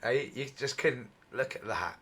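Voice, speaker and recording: A middle-aged man hosting a UFO channel, giving excited, repetitive commentary over video footage, his voice going hoarse. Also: mid-range voice, unhurried. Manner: excitable, repetitive, exclaims often.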